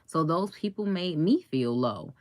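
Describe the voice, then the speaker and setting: A woman's voice: deep voice, big pitch swings, a little slow, dry recording. A young woman life coach in casual chat with a live audience, chatty and laughing often as she tells stories.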